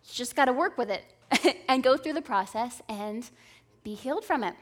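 A woman in her thirties delivers a sermon with a slightly high voice. She preaches in an earnest, conversational way and keeps checking in with the listeners. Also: animated, moderate pace. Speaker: speaker at a church service.

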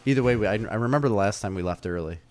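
Brief: male podcast co-host, lower voice, easygoing and laughing. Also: racing, darkish tone. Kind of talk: casual podcast chat.

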